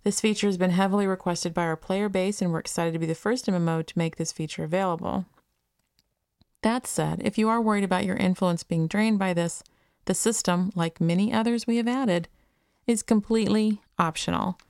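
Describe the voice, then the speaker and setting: A woman's voice: mid-range voice, steady tone, fairly quick, gravelly, a little mellow, clean tone, dry recording. A woman hosting a gaming podcast, reading interview articles aloud and chatting casually between them. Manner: reads quotes evenly, chats casually between them. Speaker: podcast host.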